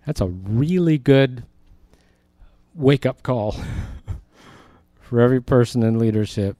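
A male pastor gives an earnest Bible teaching, his voice mellow and warm. He reads scripture lines with lifted emphasis, and the sound is close and dry with no room around it. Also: mid-range voice, a little slow, no room sound.

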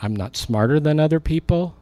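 A man preaching a sermon as a pastor, rising for emphasis and slowing down on key words. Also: fairly high pitch, expressive, mellow, no echo.

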